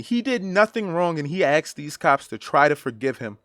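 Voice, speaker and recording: A man giving personal commentary as a vlogger, earnest and emotional, halting and repeating phrases for emphasis. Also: a little high, big pitch swings, fairly bright tone, dry recording, studio quality.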